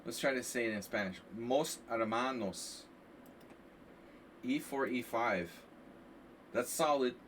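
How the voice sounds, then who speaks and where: A man casually commenting on chess games during a live stream, rambling and animated with lots of filler words. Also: medium pitch, normal speed. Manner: rambling and animated, frequent "like" and "you know". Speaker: chess coach streaming a lesson. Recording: distant mic with faint background hiss.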